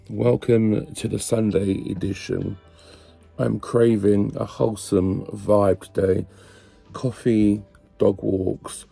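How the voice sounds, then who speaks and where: A man's voice: fairly low pitch, vocal fry, warm tone, slightly rough. A British man chatting casually to camera in a cheeky way, laughing often and swearing mildly as he vlogs about life on his boat. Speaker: narrowboat vlogger. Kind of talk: casual vlog chat.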